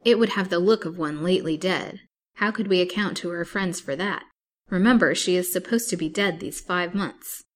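A woman's voice: fairly low pitch, moderate pace, natural voice. A woman voicing a stubborn, fierce old woman, a wicked wife who plots murder with grim resolve. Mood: persistent.

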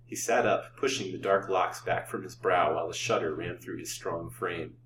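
A man reading an old-fashioned novel aloud as a storyteller, in a measured, theatrical way. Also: deep voice. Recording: roomy, distant mic, faint hum.

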